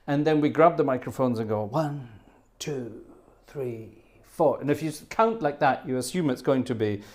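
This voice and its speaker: This older man, hosting an organ livestream, speaks quickly and animatedly at medium pitch with a darkish tone. He chats casually between pieces, rambling, poking fun at himself, chuckling, and restarting as he tells a playful story in which he puts on little voices.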